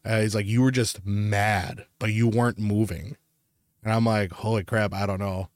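A man's voice: lowish voice, fairly even intonation, normal speed, dry recording, clean studio sound. A man, a podcast co-host, telling a personal ghost story in a casual, profane, rambling way.

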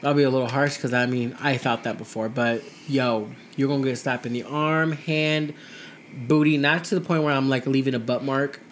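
A man co-hosting a casual podcast chat, excitable and rambling, with playful asides. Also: mid-range voice, moderate pace, slight background noise. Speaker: podcast co-host.

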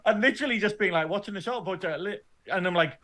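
An English man co-hosting a podcast, animated and self-deprecating, laughing through his stories. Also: high-pitched, fast, a little hiss or hum. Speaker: podcast co-host. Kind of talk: casual chat.

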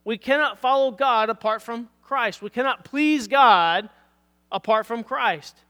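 A man preaching a sermon as pastor, reading scripture aloud and checking in with his listeners, his voice going hoarse. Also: very high voice, a little slow, bright, forceful tone, in a large hall. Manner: earnest preaching, reads scripture aloud, asks "All right?". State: losing his voice.

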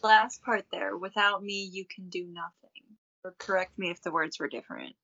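A woman's voice: mid-range voice, normal speed, creaky, bright, forceful tone, no room sound. A woman co-hosting a casual podcast, asking pointed questions and laughing easily. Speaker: podcast co-host. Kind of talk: casual chat. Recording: dry muffled lo-fi recording.

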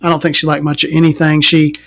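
With no room sound behind her, a trans woman podcaster from the inland US rants quickly in a low, level voice. The monologue is casual and comedic, heavy on sarcasm and cursing.

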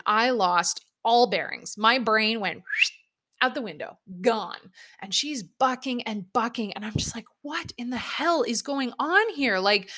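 A young woman with a bright, forward tone recounts a personal anecdote in a relaxed, conversational way. She is candid and self-mocking and swears without hesitation. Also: fairly high pitch. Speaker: storyteller.

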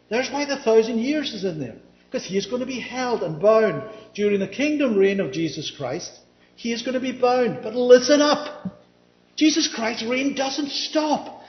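A man teaching the Bible in a conversational way, reading verses aloud and often checking in with a questioning "yeah?". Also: extremely high pitch. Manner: reads scripture aloud, then explains it. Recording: roomy, dull lo-fi recording.

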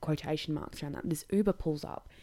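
Young Australian woman hosting a podcast; low, mellow voice, blunt sweary storyteller who laughs mid-sentence. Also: fast talker. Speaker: podcast host. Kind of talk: casual comedic storytelling.

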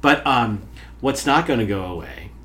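An older man hosts a casual radio talk show, and his medium-pitched voice has lively intonation and a fairly bright tone at a normal speed. He jokes and rambles in comic chat full of fillers and restarts, with faint background noise in the recording.

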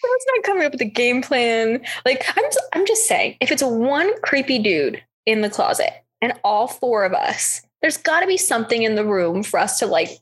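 A lively young woman with a slightly husky voice jumps in to question and argue in casual chat. Her pitch sits a bit high and swings widely as she talks. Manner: animated and quick to object.

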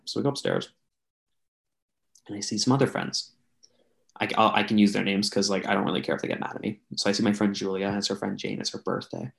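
A man's voice: on the low side, creaky. A young man from Canada, a podcast co-host, telling a long, rambling story to friends with lots of fillers. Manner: rambling, filler-heavy, chatty. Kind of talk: casual storytelling among friends.

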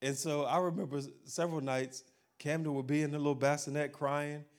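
A male pastor preaching a sermon to his congregation in an animated, humorous manner. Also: on the high side, fairly quick.

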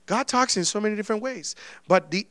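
A male pastor preaching a sermon, telling personal stories in a lively way and acting out the dialogue in them. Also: sits high, fast, dry recording. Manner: animated storytelling, acting out quoted dialogue.

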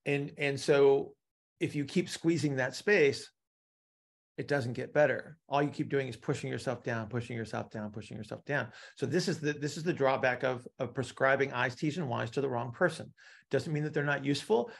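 A man's voice: mid-range voice, moderate pace, creaky. A man teaching a live class, explaining with analogies and often checking in with "right?". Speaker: instructor.

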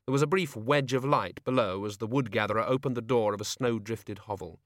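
A man narrating an audiobook with a measured, expressive reading. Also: medium pitch, no echo, clean studio sound.

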